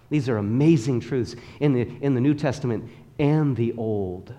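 A man's voice: fairly high pitch, normal speed, dark tone. Man preaching in a reverberant hall. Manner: emphatic, rhythmic repetition; calls on the congregation to repeat. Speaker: pastor. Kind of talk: sermon. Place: church sanctuary. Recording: long reverb of a large hall.

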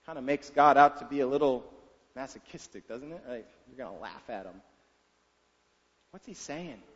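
A man's voice: medium pitch, expressive, moderate pace. A middle-aged man preaching a sermon as a pastor, in a conversational, folksy way, often asking the listeners questions. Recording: dull reverberant hall sound.

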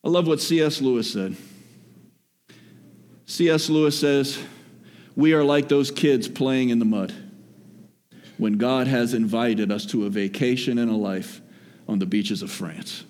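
A man preaching a sermon to his church, swinging between rising exhortation and hushed, low asides. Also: measured pace, long pauses. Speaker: pastor. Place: church hall. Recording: long hall reverb.

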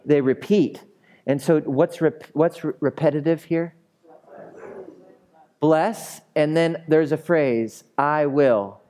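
A man's voice: on the high side, slow, warm tone. A male pastor preaching a sermon in a conversational way, with playful asides and emphatic repetition.

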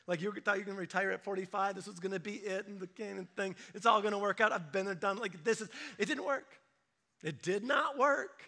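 A man preaching a sermon as a pastor, animated and acting out quoted voices for humor. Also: high voice, a little fast.

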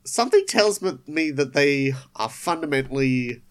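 A man's voice: fairly high pitch, expressive, normal speed, smooth. A man co-hosting a podcast, recapping a cartoon episode in a wry, rambling chat. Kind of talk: casual chat.

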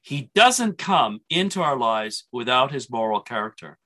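A man's voice: medium pitch, very animated, measured pace, sharp tone. A man teaching a church Bible seminar in a conversational way, with frequent restarts and asides.

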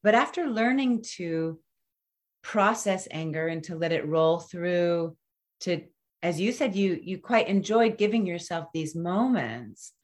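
A woman's voice: fairly low pitch, measured pace. Reflective woman in her fifties, chatting. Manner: reflective, animated, trails off mid-sentence. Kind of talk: casual conversation.

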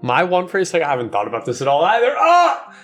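A man co-hosting a casual podcast, talking in an animated, joking way with frequent restarts and fillers. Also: on the high side, very fast, faint music behind. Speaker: podcast co-host. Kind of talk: casual chat.

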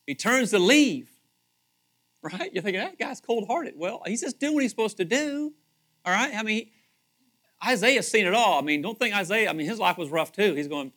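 A male pastor delivering a sermon in a casual, talkative way, his voice sitting a little higher than most men's. He repeats phrases as he thinks aloud, pushing some words out loudly and dropping others to a hush. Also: normal speed. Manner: conversational, animated preaching with frequent repetitions; swings between loud emphasis and hushed asides.

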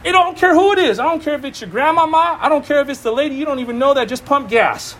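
A man preaching a sermon as pastor, excitable and laughing often, with stammering restarts and congregants addressed by name. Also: very high voice, fast.

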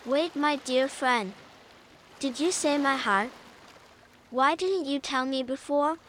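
A woman voicing a clever little male monkey in a storybook tale, crying out in alarm and then talking quickly and persuasively. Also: sits high, fairly bright tone, slight background noise. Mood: urgent.

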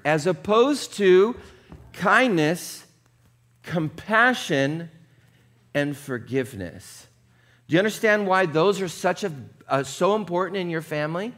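A man preaching a conversational sermon, casual and chatty, often checking in with the congregation and dropping low and quiet for earnest points. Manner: casual and chatty, with frequent "like" and "right?". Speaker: pastor.

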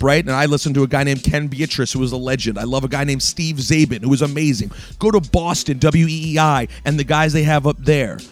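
A man hosting a sports talk radio show, delivering an emphatic, opinionated monologue straight at his listeners. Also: on the high side. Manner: emphatic, ranting, addresses listeners directly.

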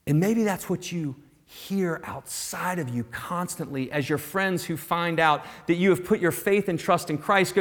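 A man preaching a sermon as pastor, swinging from loud, emphatic lines down to hushed whispers. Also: sits high, a little slow, few pauses. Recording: long reverb of a large hall.

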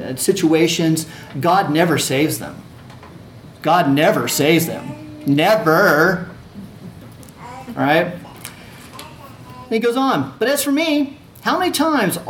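A man teaching a class on a religious allegory, talking conversationally, repeating phrases and checking in with his listeners. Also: fairly high pitch. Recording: echoey room with faint ambient noise.

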